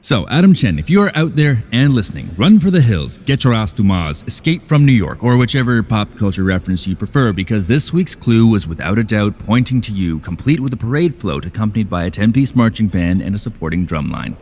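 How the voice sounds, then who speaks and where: A man's voice: fairly low pitch, very animated, a little fast, few pauses, a little mellow. An actor playing a sarcastic, exasperated male true-crime podcast host in an audio drama, impatient and theatrical.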